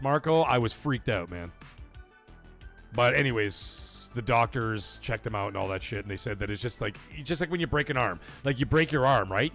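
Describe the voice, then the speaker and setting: A middle-aged man hosts a live stream in a loose, rambling way, swearing freely as he tells personal stories and reads out viewer messages. His voice sits at an ordinary middle pitch. Faint music plays quietly underneath. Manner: profane, rambling, emotional storytelling; reads viewer super chats aloud. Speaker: livestream host. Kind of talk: casual live-stream chat.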